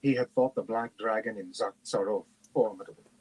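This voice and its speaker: A man reads a fantasy novel aloud at a steady, measured pace. His voice sits fairly low and sounds husky. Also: rough recording. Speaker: reader.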